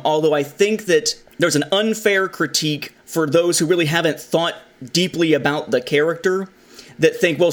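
A podcast host with a somewhat high voice leads a casual film discussion. He's animated, leaning into the lines he quotes, and keeps his delivery loose and conversational.

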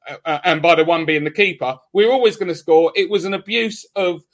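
A man hosting a podcast speaks with a notably high voice. He argues his point with force and insistence, pressing each claim hard. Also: fast. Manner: emphatic, argumentative. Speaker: podcast host. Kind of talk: casual podcast chat.

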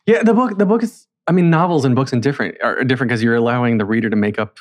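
A man interviewing a writer, asking questions and giving his own views in a relaxed, conversational way. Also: medium pitch, very fast.

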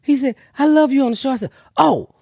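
A woman's voice: high-pitched, rapid-fire, mellow, no room sound, clean studio sound. A woman podcast host telling brash, profane stories in casual comedic chat, acting out the people she quotes.

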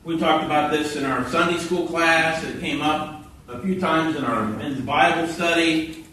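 A man preaching a sermon, telling stories with animated quoted voices, heard from a distance in a church hall. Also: fairly high pitch, a little slow, slight background noise. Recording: echoey hall from far off.

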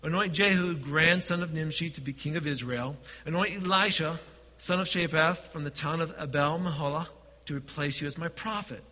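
A man preaching a sermon as pastor, dropping to quiet asides and swelling to emphatic points. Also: fairly high pitch, moderate pace, in a large hall, muffled recording.

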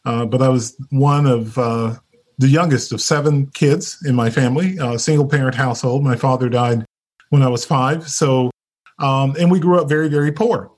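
A man's voice: medium pitch, normal speed, a little mellow. A man from North Carolina, a guest telling his story in a casual interview, chatty, with lots of fillers and laughter. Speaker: interview guest, nurse leader.

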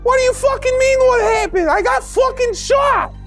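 A man's voice: very high voice, normal speed, music in the background, pitched above the performer's own voice. A man doing a shrieking young gangster. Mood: panicked yelling. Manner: shrieking, frantic. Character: young wounded male gang member, panicky and loud.

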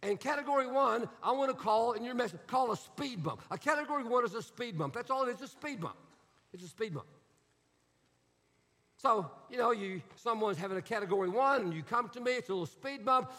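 A middle-aged man preaching a sermon as a pastor, animated and sarcastic, repeating phrases for effect. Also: high-pitched, fairly quick, in a large hall.

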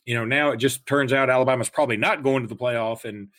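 A man's voice: mid-range voice, steady tone, quick pace, fairly bright tone, no echo. A man hosting a podcast, rambling in a wry, casual way about betting, travel and holidays. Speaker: podcast host. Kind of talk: casual chat.

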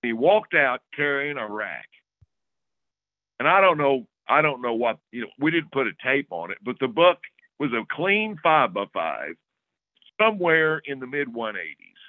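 A man, a podcast guest, telling a long story in a casual, lively way and acting out the other people's lines. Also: mid-range voice, normal speed, dry recording. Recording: tinny phone-like dry recording.

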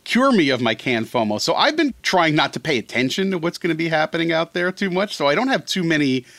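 A man riffs in a loose podcast chat, his pitch swinging up and down. He rambles and restarts his sentences. The sound is close and dry. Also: fast talker, no room sound. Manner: animated, rambling, self-correcting. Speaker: film critic guest.

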